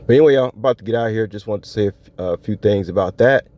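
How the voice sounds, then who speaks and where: A vlogger with a lowish voice races through a casual solo monologue aimed at his viewers. Relaxed and slangy, he often bursts out laughing, captured on dull lo-fi audio.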